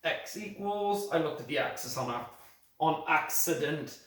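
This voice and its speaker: This recorded remote lesson features a man impersonating a British math teacher, his voice slow and higher than usual with an affected British accent. He explains methodically, stopping to correct his own mistakes, while a distant phone picks him up in an echoey room.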